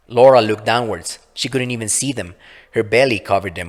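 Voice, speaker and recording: Guy reading his dark short story, calm and even, reverby audio. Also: fairly low pitch, moderate pace. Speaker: author and reader. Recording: long reverb.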